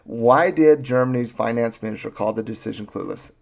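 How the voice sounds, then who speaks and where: A male podcast host with a gravelly, fry-edged voice at a middling pitch. He chats casually about money, teasing his co-hosts between points. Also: a little fast, dull audio. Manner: jokey, reads quotes aloud. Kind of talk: casual finance chat.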